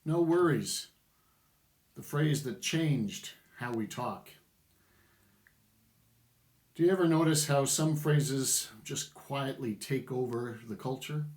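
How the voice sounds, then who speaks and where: A man's voice: medium pitch, takes it slowly, long pauses, a little mellow, reverberant. A middle-aged man giving casual, opinionated commentary to camera, chuckling wryly as he goes. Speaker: vlogger.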